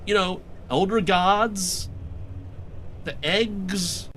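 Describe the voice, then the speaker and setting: A man voicing an exasperated adventurer who keeps correcting another character with deadpan remarks in a game quest fan voice-over. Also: sits high, drawn-out words, a little hiss or hum, exaggerated voice. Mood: pleading. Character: exasperated young adventurer, nitpicking and sarcastic.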